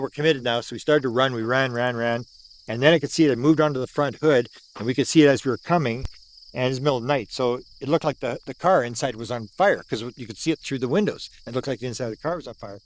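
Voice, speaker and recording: An older UFO researcher, a Canadian man in his sixties, speaks in a medium pitch while recounting a sighting outdoors at the very site. He tells it with animation, stressing points through repetition and playing out what people said.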